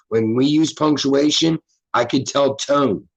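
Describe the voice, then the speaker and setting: Casting: relaxed Philly guy, loose and profane streaming chatter, mid-pitched voice. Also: moderate pace, lo-fi sound. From Philadelphia. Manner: laid-back, profane, reading chat aloud. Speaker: livestream host. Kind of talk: casual livestream chat.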